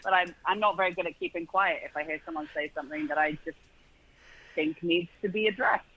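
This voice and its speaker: A man's voice: on the high side, a little fast, sharp tone, rough recording. A man with a British accent, chatting as an interview guest, restarting his sentences and laughing easily. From Britain. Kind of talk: casual interview chat.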